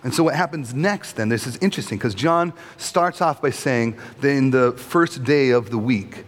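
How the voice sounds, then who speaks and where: In a big-sounding room, a male pastor delivers a humorous, conversational sermon, frequently tossing in "right?". His voice is mid-range and his pace moderate.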